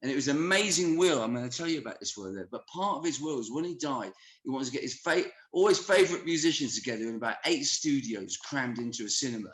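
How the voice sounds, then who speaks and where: A man telling wild anecdotes in a casual conversation, animated and swearing freely. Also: medium pitch, quick pace, echoey room. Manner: animated storyteller who swears often. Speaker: musician guest.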